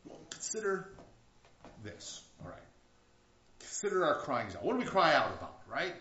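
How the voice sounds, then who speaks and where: This pastor's voice is fairly high and sharp-toned, moving in a sing-song way at a moderate pace with long pauses. He delivers his sermon conversationally, restarting often and building to rising outcries, captured in dull, echoey lo-fi church audio.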